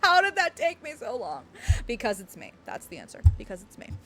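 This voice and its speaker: A woman's voice: fairly high pitch, wildly swooping pitch, fairly quick, a bit bright, soft background music. A woman streamer chatting casually on a live stream, bubbly and giggly, rambling with lots of fillers. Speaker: game streamer.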